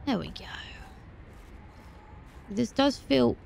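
A woman playing a video game, talking to herself in an animated way and breaking into startled exclamations. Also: medium pitch, a little slow, creaky, pauses often, a little hiss or hum. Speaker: let's play host. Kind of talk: gaming commentary.

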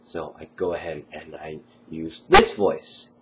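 Deep-voiced man with a cold. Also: a little slow, heavy background noise. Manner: rambling, lots of ums and uhs. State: has a cold, coughing. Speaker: college student vlogger. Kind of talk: late-night casual monologue. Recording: slightly muffled recording.

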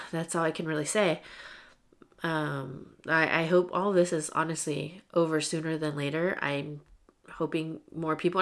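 A woman's voice: on the low side, a bit bright. A young woman vlogging straight to her viewers in a candid, chatty way, full of fillers. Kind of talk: casual talk to camera.

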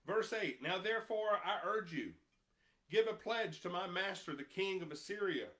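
Male pastor, bright and slightly high voice, impassioned sermon delivery with a chatty aside style. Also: lively intonation, moderate pace. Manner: impassioned, reads scripture aloud, rises in pitch and volume when stressing points; conversational asides to the congregation.

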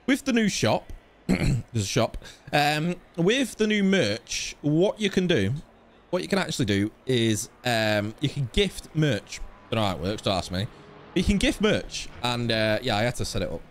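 Young guy hosting a stream, talks to chat nonstop, kinda high pitched, lots of ups and downs. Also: a little hiss or hum. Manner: rambling, chatty, talks to chat. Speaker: sim racing streamer host. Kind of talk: casual live-stream chat.

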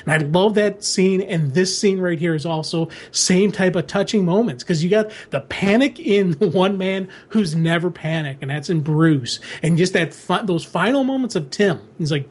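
Casting note: high-pitched male podcast co-host, emotional and animated, laughs a lot. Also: normal speed, hardly any pauses, husky. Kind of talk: casual podcast chat about comics.

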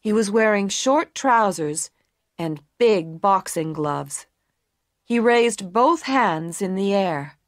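A woman narrating a graded English story for learners, reading in a slow, clear and deliberate way. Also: medium pitch, lively intonation, no room sound, studio quality.

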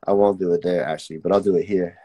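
A man's voice: low voice, fairly even intonation, fast talker, dark tone. A young man teaching a casual live-streamed drawing class, chatty and laid-back, reading out viewer comments as he draws. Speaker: art teacher.

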